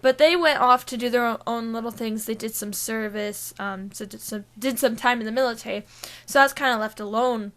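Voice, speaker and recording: A fairly high-voiced woman co-hosting a gaming podcast. She chats casually and giggles a lot. She talks in a lively, animated way and breaks into silly voices now and then. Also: a little fast. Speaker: podcast co-host.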